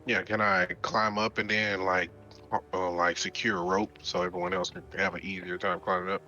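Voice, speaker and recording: A man with a lowish, bright-edged voice chats casually as a player, thinking aloud with ums. His sound is dull and lo-fi, and faint music runs behind him. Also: level tone, normal speed. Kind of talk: casual game chat.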